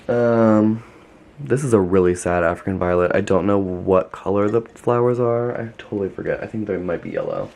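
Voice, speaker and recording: A man's voice: lowish voice, lively intonation, moderate pace, creaky, darkish tone, slight background noise. A man giving a casual tour of his houseplants at home, gushing and chatty, with lots of "like" in his speech. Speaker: plant vlogger.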